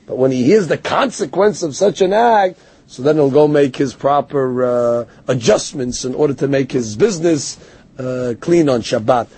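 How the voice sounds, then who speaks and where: This rabbi's voice sits in the mid range, a bit mellow with a breathy edge, and moves at normal speed. During his Torah lecture he shares stories, cites and unpacks Hebrew verses, and deflects a heckler by poking fun at himself.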